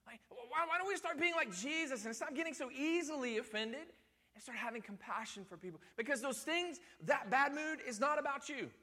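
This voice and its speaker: A man's voice: very high-pitched, animated, brisk, bright, forceful tone, in a large hall. A man, a pastor preaching a sermon in a conversational, folksy way that repeats its points. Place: church sanctuary.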